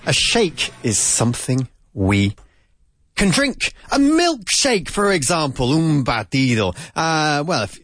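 A man teaching vocabulary to Spanish speakers in a relaxed, chatty way, repeating words slowly to drill their pronunciation. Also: fairly high pitch. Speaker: English teacher. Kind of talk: casual language lesson.

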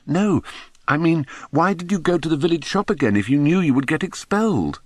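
A man voicing a timid, earnest young schoolboy who squeaks and pleads anxiously. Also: expressive, a little fast, no echo, studio quality. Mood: anxious, squeaky.

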